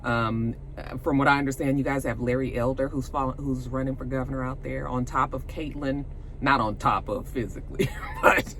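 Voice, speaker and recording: Bright-voiced chatty woman host. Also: rumbling low, fairly even intonation, moderate pace, a little hiss or hum. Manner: chatty, rambling, many fillers, addresses viewers as you guys. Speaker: gossip show host. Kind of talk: casual chat to viewers. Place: at home.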